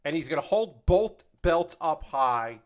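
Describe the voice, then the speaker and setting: A livestream host in his thirties rants passionately on a casual stream, swearing heavily and repeatedly restarting and repeating his sentences. His voice is fairly high and expressive, and he takes his time.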